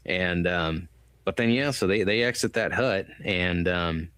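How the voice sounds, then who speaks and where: This podcast co-host has a low, smooth, slightly bright voice and speaks a little slowly, recorded in echo-free studio quality. His casual movie review chat is rambling and profane, and he acts out quotes along the way.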